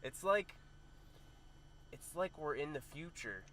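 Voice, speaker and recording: Bright, lively jokey man. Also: medium pitch, moderate pace, slight background noise. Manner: playful, jokey banter. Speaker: movie review show co-host. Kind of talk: casual chat.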